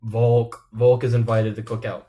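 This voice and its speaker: A man's voice: medium pitch, little pitch movement, unhurried, warm tone, slight background noise. A man giving rambling, profane, joking commentary as a channel host. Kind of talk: casual comedic commentary.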